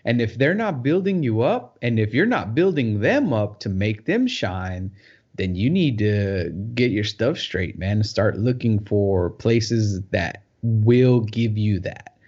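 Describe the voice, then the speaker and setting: A man's voice: on the low side, animated, slow, darkish tone, slightly rough. Enthusiastic man hosting a chat. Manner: enthusiastic, motivational, says man a lot. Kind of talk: casual chat. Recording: dull lo-fi sound.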